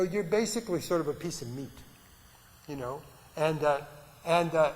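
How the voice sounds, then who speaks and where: A man's voice: a little high, a little mellow, big-room sound, rough recording. An older man giving a talk to an audience at a gallery, telling stories in a rambling way with many restarts and fillers and frequent laughs.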